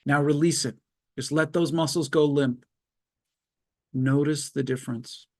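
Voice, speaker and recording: Over a video call, a male psychologist leading a webinar calmly guides listeners through progressive muscle relaxation, giving slow step-by-step cues with long pauses. His voice is fairly high in pitch.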